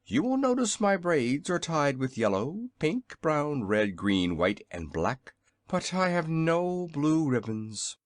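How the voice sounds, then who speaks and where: A man's voice: a little high, very animated, slow, dry recording, clean studio sound, pitched above the performer's own voice. A man voicing a very old, polite male inventor in a storybook reading, with a courtly, eager manner.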